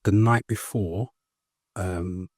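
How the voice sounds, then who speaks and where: Young guy w a low husky voice telling his story, lots of ums, dry close sound. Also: steady tone, takes it slowly, a little mellow, no echo. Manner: hesitant, full of ums and restarts; earnest, recounting step by step. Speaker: guest. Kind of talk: personal story in a conversational interview.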